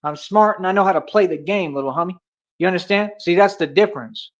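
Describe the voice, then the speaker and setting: A man's voice: sits high, fast, dull audio. A young American man streaming a casual rant. He is boastful and confrontational, and he talks in street slang. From United States.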